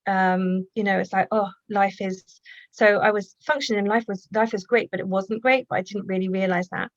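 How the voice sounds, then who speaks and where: A woman's voice: mid-range voice, fairly even intonation, dry recording. Earnest woman guest, dull dry call audio. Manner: earnest, reflective, halting with restarts. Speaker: guest, healer and author. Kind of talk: personal storytelling in conversation.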